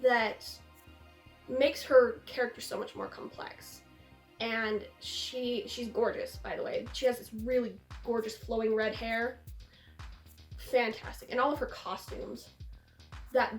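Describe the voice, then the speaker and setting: A woman's voice: on the high side, steady tone, unhurried, roomy sound, faint music behind. A young woman hosting a casual film discussion, gushing enthusiastically and acting out quotes. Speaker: film review host.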